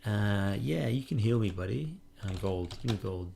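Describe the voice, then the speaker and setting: A man's voice: on the low side, animated, moderate pace, vocal fry, mellow, a little hiss or hum. A man hosting a let's play, casually commenting on a game and reading its prompts aloud with wry musing.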